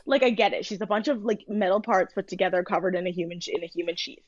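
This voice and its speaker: A woman's voice: fairly low pitch, steady tone, fast, no echo, dull audio. A woman co-hosting a podcast, chatting casually and opinionated as she recaps a TV show with lots of fillers. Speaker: podcast co-host.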